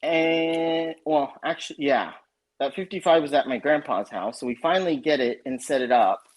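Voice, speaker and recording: A man's voice: fairly high pitch, normal speed. A man hosting a casual livestream chat, telling a story in a rambling way with many restarts. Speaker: stream host.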